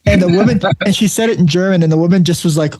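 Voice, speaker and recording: A man's voice: high voice, racing, mellow, no echo, soft background music. A man hosting an interview as an emergency nurse, telling friendly stories and often laughing. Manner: friendly storyteller, laughs often, repeats words. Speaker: podcast host, emergency nurse. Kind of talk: casual interview chat.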